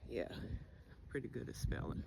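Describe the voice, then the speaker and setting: A woman giving a candid personal monologue, blunt and full of cursing as she talks about faith. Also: moderate pace. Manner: blunt, heavy cursing, spiritual talk. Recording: noisy background hiss.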